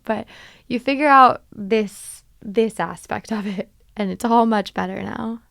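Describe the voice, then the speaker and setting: A woman's voice: mid-range voice, measured pace, vocal fry, no room sound, clean studio sound. A woman in her twenties hosting a podcast, talking candidly about her past and laughing at herself. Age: 20s. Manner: animated, confessional, laughs at herself. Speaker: podcast host. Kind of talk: candid solo podcast talk.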